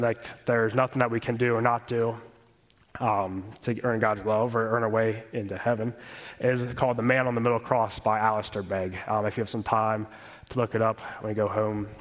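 A young man speaks to a church gathering in a relaxed, unpolished way. He fills his sentences with "like" and "kinda", as if he is chatting with friends. His voice sits at a middle pitch for a man. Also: long reverb tail. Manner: informal, many fillers like "like" and "kinda". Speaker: speaker giving a testimony talk. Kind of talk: casual sermon.

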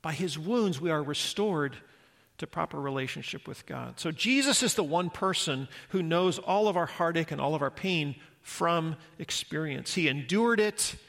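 A man's voice: on the high side, expressive, moderate pace, gravelly, a bit bright. A man preaching a sermon as a pastor, earnest and reflective, posing rhetorical questions to the congregation.

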